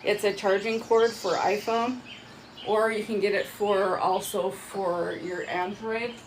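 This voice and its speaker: A woman's voice: medium pitch, fairly even intonation, unhurried, slight background noise, rough recording. A woman chatting casually on a live stream at home, rambling and joking at her own expense while she shows off products into her phone. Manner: chatty, rambling, self-mocking. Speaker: vlogger.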